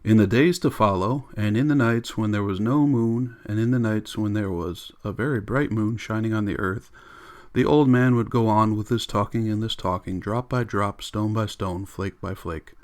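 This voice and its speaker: Low-voiced man reading an audiobook. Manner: steady, measured reading. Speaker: audiobook reader. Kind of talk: audiobook narration.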